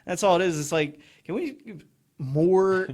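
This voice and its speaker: A man hosting a casual podcast chat, talking quickly and mockingly acting out the people he quotes. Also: high-pitched. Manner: quick, animated, mocking voices when quoting people. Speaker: podcast host.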